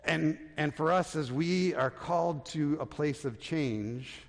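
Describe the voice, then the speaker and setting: A man preaching a sermon as pastor, conversational, with restarts, and dropping to a hushed voice for tender points. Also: fairly high pitch, takes it slowly, gravelly. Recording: reverberant church hall.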